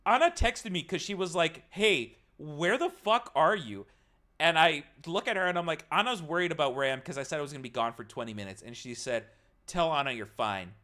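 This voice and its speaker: A young man streaming to his live chat, telling a story in a casual, swearing way and breaking into loud mock panic. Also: on the high side, fast.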